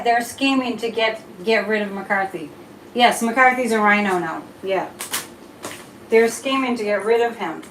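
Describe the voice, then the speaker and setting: A woman's voice: medium pitch, slight background noise. Chatty woman host in an echoey room. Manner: chatty, drifting off topic, reading chat comments aloud. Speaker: psychic livestream host. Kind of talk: casual live-stream chat with tarot reading.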